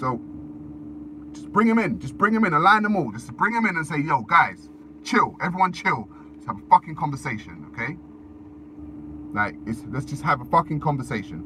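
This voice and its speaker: A man talks into his phone on a live stream, his pitch swinging up and down as he gets worked up. He swears freely and circles back over the same words. Road noise and passing vehicles sit clearly behind him. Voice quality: animated, profane, repetitive. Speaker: livestreamer. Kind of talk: casual live-stream rant.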